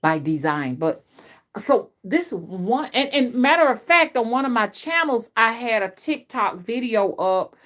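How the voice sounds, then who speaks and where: A woman's voice: very animated, unhurried. Chatty middle-aged woman rambling on a live stream. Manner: chatty, repetitive, with big swings in pitch and loudness. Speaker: spiritual reader and channel host.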